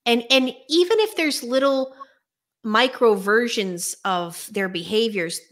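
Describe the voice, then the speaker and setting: A woman hosting a casual conversation as a coach, animated and quick to laugh, often repeating words. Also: on the high side. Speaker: podcast host and coach.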